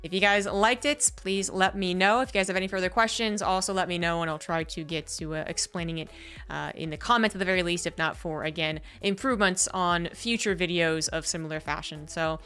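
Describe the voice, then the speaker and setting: A man's voice: sits high, fairly even intonation, fairly quick, bright, forceful tone, smooth, faint music behind. A man who works as an esports caster, chatting his way through a diagram in a casual explainer video and often correcting himself.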